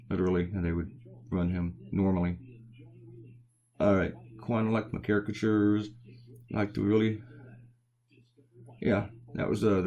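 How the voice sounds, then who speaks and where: Southern man, deep voice, rambling casual chat, cartoonist drawing at home. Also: darkish tone. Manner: rambling, chatty, answers viewer comments. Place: home at night, quiet to not wake others.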